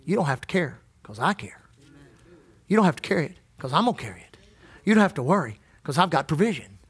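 A man voicing God as a calm, caring male voice in a sermon, speaking softly and reassuringly. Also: fast talker, breathy edge. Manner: soft, low and reassuring.

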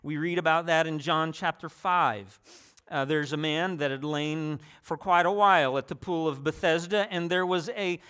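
A man's voice: a little high, moderate pace, sharp tone, clear, resonant tone. A man preaching a sermon in a conversational way, restarting phrases and adding personal asides.

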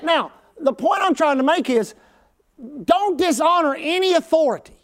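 High-voiced male pastor preaching. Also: expressive, moderate pace. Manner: call-and-response with the congregation; rising to shouts at peaks. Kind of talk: preaching a sermon.

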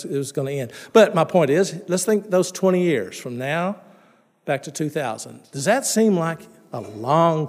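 Man, middle-aged, pastor, conversational sermon, restarts words, asks the congregation questions, slightly raised pitch. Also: darkish tone. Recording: long reverb in a large hall.

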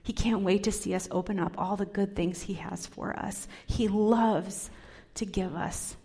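A woman pastor giving a sermon, talking softly and dropping into whispers to stress her points. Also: medium pitch, steady tone, measured pace, breathy edge. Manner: soft, drops into whispers for emphasis.

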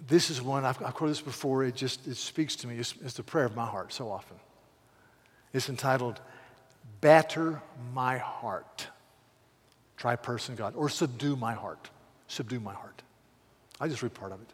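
A man preaching a sermon with passion, swinging between loud calls and hushed, pleading lines. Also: mid-range voice, normal speed, long pauses, husky, in a large hall. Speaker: pastor.

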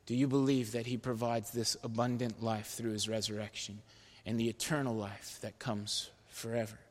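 Pastor, male, mid-pitched, earnest sermon delivery with loud emphasis and hushed appeals, church hall reverb. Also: level tone, normal speed. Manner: earnest, swings between loud emphasis and soft low-voiced appeals. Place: church sanctuary.

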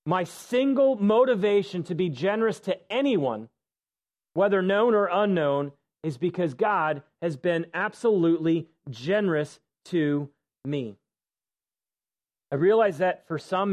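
A male pastor preaching a sermon to his church, conversational but emphatic, dropping his voice low on key words. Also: a little mellow. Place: church sanctuary.

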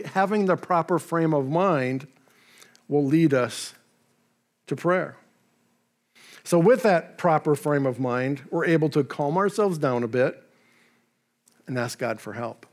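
A man preaching a sermon as pastor, in a conversational way with casual asides. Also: fairly high pitch. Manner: conversational, with asides and paraphrased dialogue.

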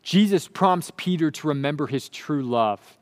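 Earnest, emphatic male preacher, higher voice. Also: expressive, moderate pace. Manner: earnest, emphatic, repeats key phrases. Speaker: pastor. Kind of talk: sermon.

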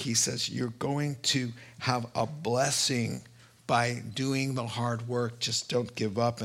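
A middle-aged man preaching a sermon as pastor, earnest and storytelling, his voice climbing higher as he retells conversations. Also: fairly bright tone. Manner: earnest, storytelling, rises in pitch when retelling dialogue.

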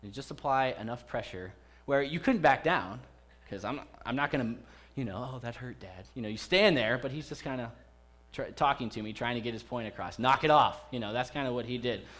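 A man in his thirties preaches a casual sermon in a church. His voice sits at an ordinary middle pitch. He talks to the congregation like old friends and jokes with them as he goes. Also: animated, fairly quick, fairly bright tone. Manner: chatty and joking with the congregation. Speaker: pastor. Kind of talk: conversational sermon.

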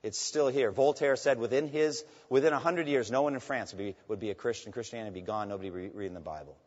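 A man preaches at a middle pitch, lifting his voice sharply when he reads scripture aloud and falling to a hush when he speaks to his listeners as friends. His words ring out through a long, echoing hall. The recording sounds dull and muffled. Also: quick pace. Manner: preaching with rising emphasis on quoted scripture, dropping low on asides to "friends". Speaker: pastor. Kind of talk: sermon.

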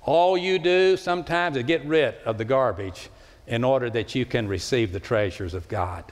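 A man preaching a sermon as pastor, swinging from loud high calls to low quiet stretches and slowing down to stress words. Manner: preaching with sweeping swings in pitch and loudness, slowing for emphasis. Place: large church sanctuary. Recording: long reverb of a large hall.

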